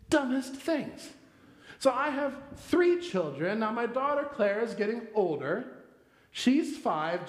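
A man in his thirties preaching a sermon in a church, conversational and full of personal stories. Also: sits high. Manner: conversational, storytelling with personal anecdotes. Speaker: pastor. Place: church sanctuary. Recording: echoey church hall with long reverb.

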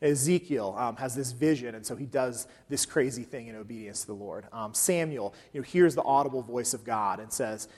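A man preaching a sermon in a relaxed, conversational way, often pausing with "um" between points. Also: mid-range voice, slightly rough. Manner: conversational, with frequent um fillers. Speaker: pastor. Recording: long hall reverb.

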